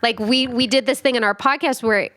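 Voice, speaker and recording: A woman's voice: on the high side, a little fast, sharp tone, dry recording, studio quality. A woman in her forties speaking earnestly and reflectively as a podcast guest, often restarting her phrases. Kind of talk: casual chat.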